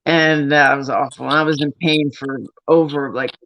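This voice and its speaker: A man's voice: fairly high pitch, steady tone, moderate pace, sharp tone, dry recording. A man chatting casually on a livestream, telling long rambling stories and swearing freely. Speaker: streamer. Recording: dull lo-fi dry sound.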